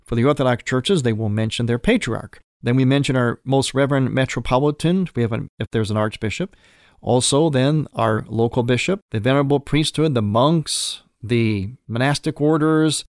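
A man, a priest, explaining the liturgy in a measured, reverent way and reading prayers aloud, rising in pitch on key words. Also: dry recording, studio quality.

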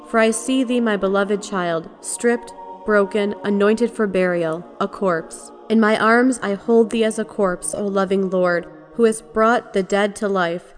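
A woman's voice: mid-range voice, fairly even intonation, a little slow, few pauses, soft background music, natural voice. A woman reading the lament of a grieving mother over her dead son, in solemn, archaic prayer language. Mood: mournful. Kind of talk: liturgical reading.

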